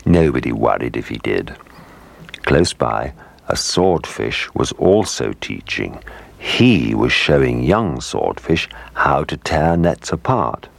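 A man narrating a children's story with expressive storytelling. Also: a bass voice, slow, creaky.

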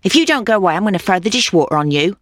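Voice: mid-range voice, sing-song, rapid-fire, fairly bright tone, dry recording. A bad-tempered storybook cook, snapping threats in a plain, close voice, as a narrator puts her on. She sounds cross and impatient. The sound is dry. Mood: threatening.

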